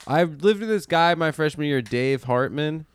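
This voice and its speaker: A man's voice: on the high side, expressive, normal speed, clear, resonant tone, dry recording. A man co-hosting a comedy podcast in casual banter, telling long rambling stories and getting defensive when teased. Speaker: podcast co-host.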